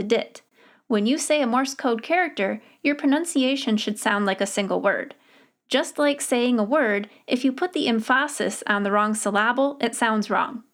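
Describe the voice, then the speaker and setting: A woman teaching Morse code in a slow, clear, patient scripted narration. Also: a little high.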